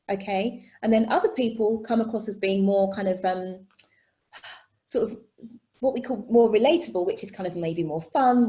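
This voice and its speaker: Chatty woman teaching a video-call workshop. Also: medium pitch. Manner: chatty, animated, checks in with "okay?" and "right?". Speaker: workshop presenter. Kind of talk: live online workshop teaching.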